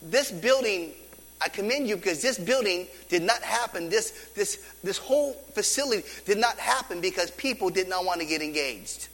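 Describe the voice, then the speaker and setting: A man's voice: sits high, normal speed, big-room sound. A man preaching a sermon to his congregation, acting out voices in the stories he tells. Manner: animated preaching, acts out quoted dialogue. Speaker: pastor. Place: church sanctuary. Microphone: stage microphone on stand.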